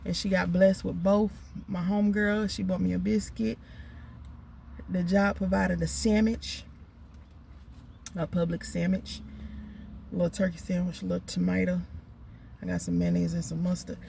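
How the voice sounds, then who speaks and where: A woman chats through a casual eating vlog and tells her story emphatically between bites. Her voice has a gravelly edge. Constant car noise hums behind her. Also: lowish voice, little pitch movement, moderate pace, pauses often, warm tone. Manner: chatty, emphatic, Southern US slang. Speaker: food vlogger.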